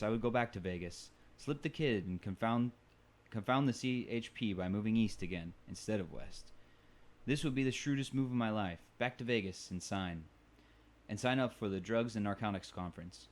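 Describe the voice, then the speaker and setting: Low-voiced man reading a novel aloud. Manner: stumbles and restarts on words while reading. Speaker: book club podcast host.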